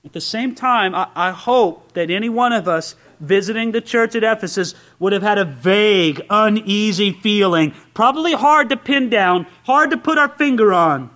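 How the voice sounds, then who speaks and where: A man with a notably high speaking voice delivers a sermon. His preaching is conversational and full of rhetorical questions. He swings between excited, raised asides and low, quiet emphasis. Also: normal speed, hardly any pauses. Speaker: pastor.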